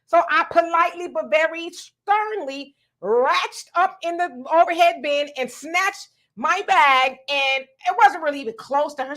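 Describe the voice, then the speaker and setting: Lively, bright-voiced woman host. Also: high-pitched, moderate pace, few pauses. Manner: animated storytelling, laughs often, reads viewer comments aloud. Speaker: host of a live talk stream. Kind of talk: casual live-stream chat reading comments.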